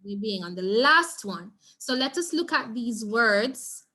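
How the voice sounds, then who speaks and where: A woman's voice: a little high, expressive, measured pace, sharp tone. A woman with a Jamaican accent teaching an online Spanish revision lesson, encouraging and repeating words for students to drill. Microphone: video call.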